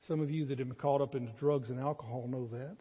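This pastor has a mid-range, breathy-edged voice and talks fast with fairly even intonation. His sermon is earnest and emphatic, building in rising bursts, and the church sanctuary recording is muffled with lingering reverb.

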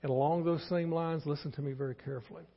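An older Texan pastor in his sixties delivers a sermon with earnest, pleading emphasis. His voice sits a little high and sounds somewhat husky. The recording is dull and lo-fi, with long church reverb trailing his words. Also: steady tone, quick pace. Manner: earnest, pleading, repeats key phrases. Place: church sanctuary.

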